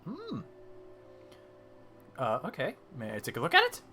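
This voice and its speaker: A man's voice: a little high, wildly swooping pitch, unhurried, bright, forceful tone, faint music behind, pitched above the performer's own voice, full character voice. A man voicing a chatty, curious male merchant tailor in a tabletop game, who rambles and muses aloud. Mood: musing.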